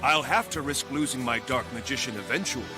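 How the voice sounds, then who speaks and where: A man's voice: medium pitch, a little fast, lightly acted. An actor voicing an earnest, determined young male hero in a cartoon dub, with music under him. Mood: resolute. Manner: earnest, resolute. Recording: played over loud music.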